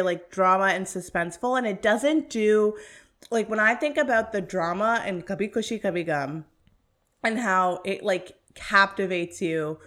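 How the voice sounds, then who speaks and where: Co-host, woman. Chatty, animated film talk, loose and filler-heavy. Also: medium pitch. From North America. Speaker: podcast co-host. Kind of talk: casual chat.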